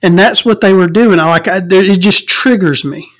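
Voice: medium pitch, normal speed. A podcast host, ranting casually and profanely, full of fillers and asides. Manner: profane, rambling, frequent fillers.

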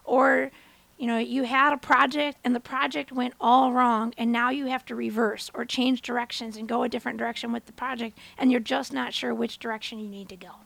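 A woman hosting a motivational talk, telling a story in a lively, conversational way and often asking listeners "right?". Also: a little high, fairly quick, gravelly, dry recording. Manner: animated, acts out her own and others' words in bigger voices. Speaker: host. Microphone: camera.

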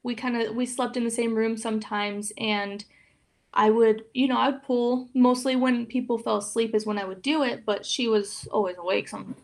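A young woman with a slightly high voice talks as a podcast guest. She is open and a little emotional, soft-spoken, and pauses often on fillers. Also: steady tone. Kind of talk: casual interview chat.

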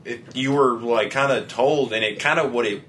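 A man's voice: medium pitch, moderate pace, a bit bright, a little hiss or hum. A man co-hosting a podcast in casual chat, blunt and profane, often laughing. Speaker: podcast co-host.

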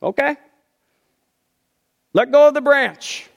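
A man voicing God as a calm, patient presence who speaks in a steady, reassuring way. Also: very high voice, takes it slowly, creaky, in a large hall, pitched above the performer's own voice, heavily acted. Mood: calm assurance.

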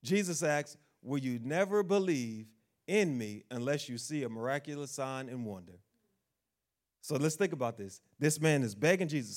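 A man's voice: mid-range voice, lively intonation, moderate pace. A man preaching a sermon, asking the congregation questions and acting out the figures of the Bible story in quotes.

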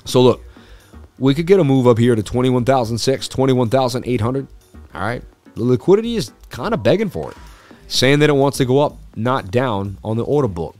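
A man's voice: fairly low pitch, darkish tone. A man hosting a casual market analysis livestream, joking loosely and riffing as he talks through the charts. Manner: loose, jokey, riffs and repeats himself. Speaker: crypto livestream host.

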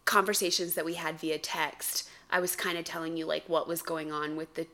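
A woman co-hosting a podcast in casual chat, an animated storyteller who laughs and swears freely. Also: low voice, brisk. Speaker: podcast co-host.

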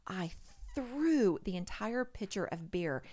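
A woman's voice: medium pitch, takes it slowly. A middle-aged woman, a podcast guest, telling a story casually and acting out the voices of the people in it. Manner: animated, acts out quoted voices.

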